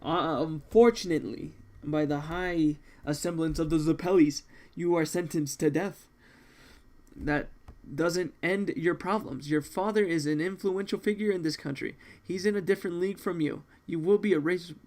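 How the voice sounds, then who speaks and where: A man's voice: a little high, steady tone, moderate pace, darkish tone, close to an everyday voice. A man voicing a stern court official passing sentence in a manga read-along, blunt and formal.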